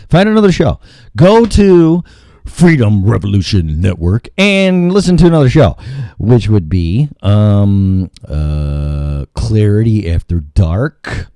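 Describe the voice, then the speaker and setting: Male radio talk host, ad-libbing and cursing, sings nonsense fillers, swooping pitch. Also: darkish tone, clear, resonant tone, dry recording. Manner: crude, rambling, sings filler noises. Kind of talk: casual ad-libbed radio talk.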